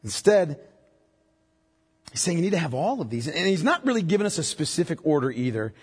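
Animated, husky-voiced male preacher. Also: a little high, fairly quick, long reverb tail. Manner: emphatic, asks the congregation questions. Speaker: pastor. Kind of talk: sermon.

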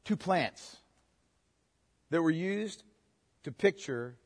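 This male pastor's voice sits a little high, with lively intonation and drawn-out words. He preaches a sermon in church through a microphone, chatting conversationally and often asking the congregation "okay?", all under a long hall reverb.

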